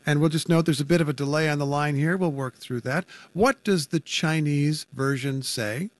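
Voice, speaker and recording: A man's voice: a little high, normal speed, no room sound. A man anchoring a radio news program, speaking conversationally with wry asides as he introduces reporters and guests.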